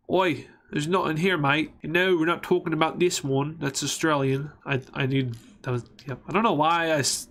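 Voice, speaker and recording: A man's voice: medium pitch, a bit bright. A man casually narrating a map series, rambling and joking, often correcting himself mid-sentence.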